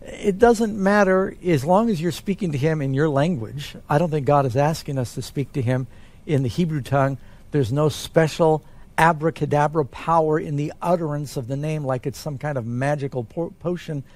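A man, a pastor, answering Bible questions in a relaxed, conversational way. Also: on the high side, moderate pace.

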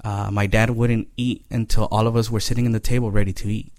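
A man giving a personal testimony about his past, speaking earnestly and haltingly, with frequent pauses and fillers. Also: on the low side, level tone, darkish tone, dry recording. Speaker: storyteller sharing his life story.

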